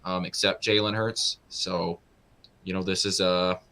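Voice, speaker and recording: A man's voice: low-pitched, fairly even intonation, a little slow, sharp tone, clean tone. A young man co-hosting a casual sports talk, analytical and full of fillers. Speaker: co-host.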